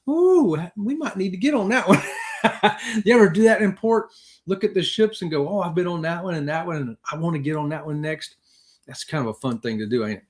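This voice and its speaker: A man with a drawl hosts a relaxed livestream, chatting folksily and calling out viewers one by one. His voice sits a bit higher than most men's. The sound comes through a computer mic. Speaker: host. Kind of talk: casual livestream chat.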